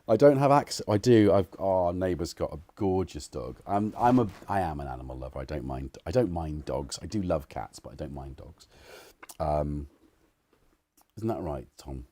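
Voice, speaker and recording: A man's voice: rumbling low, moderate pace, dark tone. A man hosting a casual home livestream, rambling and chuckling as he chats to viewers and his cats. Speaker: livestream host. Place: living room at home.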